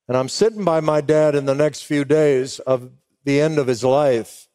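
A man's voice: mid-range voice, darkish tone, clear, resonant tone, dry recording, clean studio sound. A middle-aged man preaching to pastors, telling an emotional story and acting out both sides of remembered talk. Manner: emotional storytelling, slows down for weight. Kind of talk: sermon.

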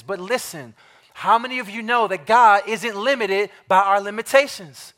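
A pastor with a high, sharp voice preaches a sermon to his congregation. He leans heavily on repeated phrases, slows to stress key words, and puts direct questions to his listeners.

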